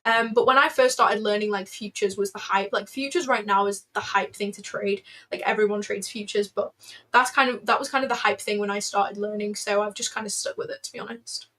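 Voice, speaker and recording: A woman's voice: medium pitch, steady tone, fairly quick, sharp tone. A woman hosting a casual trading livestream, chatting freely with lots of fillers and answering viewers as she goes. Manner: chatty, filler-heavy, answers chat aloud.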